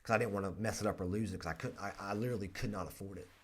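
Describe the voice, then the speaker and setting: Earnest low-voiced North Carolina man. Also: steady tone. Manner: earnest, emotional, halting with frequent restarts. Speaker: real estate agent. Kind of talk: casual personal storytelling.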